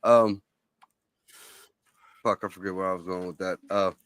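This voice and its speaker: A man's voice: deep voice, fairly even intonation, unhurried, fairly bright tone, clean tone, dry recording, studio quality. A man hosting a casual podcast, talking in a loose, rambling way and swearing freely. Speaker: host.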